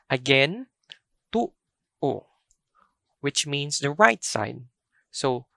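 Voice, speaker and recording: A language teacher talks through a pronunciation lesson at an unhurried pace, saying each word twice with clear stress. The voice sits in a middle register and the recording is dry and close, with no room sound. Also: mid-range voice, a bit bright, dry recording.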